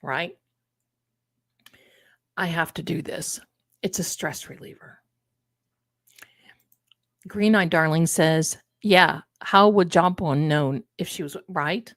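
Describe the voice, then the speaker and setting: A woman's voice: low-pitched, takes it slowly, long pauses, no echo, studio quality. Chatty woman hosting a live stream. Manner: chatty, animated, addresses viewers as "my loves". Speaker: livestream host. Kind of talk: casual live-stream chat.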